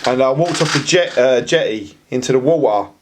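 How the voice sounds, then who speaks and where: A man's voice: moderate pace, noisy background. A man telling a story on a podcast in casual chat, acting out the voices of the people he quotes. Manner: animated, acts out quoted voices with big pitch jumps. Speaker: podcast guest.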